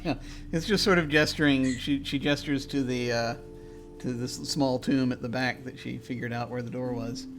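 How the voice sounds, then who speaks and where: Brief: man running a tabletop game, hesitant and chuckling, soft music behind. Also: mid-range voice, fairly even intonation, moderate pace. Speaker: game master. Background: faint background music.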